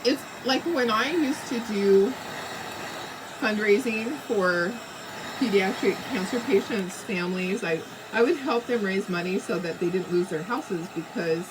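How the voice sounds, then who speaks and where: Friendly woman craft host, mid-range voice, chatty and upbeat, speaks right to viewers, slight background noise. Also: mid-range voice. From southern California. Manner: chatty and encouraging, talks straight to viewers, laughs often. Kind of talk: casual crafting livestream chat.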